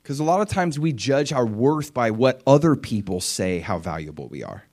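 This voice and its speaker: A man preaching a sermon with animated, emphatic delivery and frequent questions to his listeners. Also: medium pitch, normal speed.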